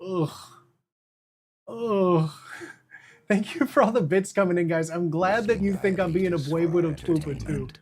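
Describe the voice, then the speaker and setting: Streamer voice, casual live-stream chat, playful and giggly, mid-pitched. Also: unhurried, long pauses, darkish tone. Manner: playful, chatty, talks to chat, laughs often; eating candy while standing.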